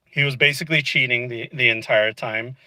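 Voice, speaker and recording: Bright-voiced man venting in a car. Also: mid-range voice, a little fast, no room sound, rough recording. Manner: chatty, frustrated, peppered with "dude" and "you know what I mean". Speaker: vlogger. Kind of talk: casual storytelling. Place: inside a car.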